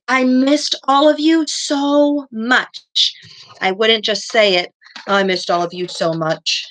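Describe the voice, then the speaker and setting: A young woman teaching a second grade class over a live stream, praising students warmly and spelling things out slowly. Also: mid-range voice. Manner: encouraging, slow and deliberate with children.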